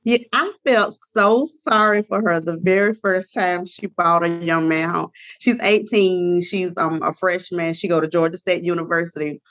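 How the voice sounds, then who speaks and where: A woman's voice: on the low side, moderate pace, hardly any pauses, a bit bright, dry recording. A middle-aged woman, a ministry and life coach, telling family stories in a casual interview, often laughing. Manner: laughing storyteller with Southern dialect phrasing. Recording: dull lo-fi dry sound.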